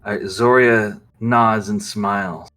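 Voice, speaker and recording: A man's voice: on the low side, fairly even intonation, takes it slowly, a bit bright, soft background music. A man narrating as game master of a tabletop game, rambling with many fillers.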